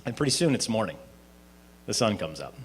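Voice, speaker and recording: A man's voice: on the low side, big pitch swings, brisk, slight background noise. A man giving an informal closing speech at a student presentation, conversational with frequent fillers and restarts. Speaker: speaker at a student team presentation. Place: event hall at a university presentation.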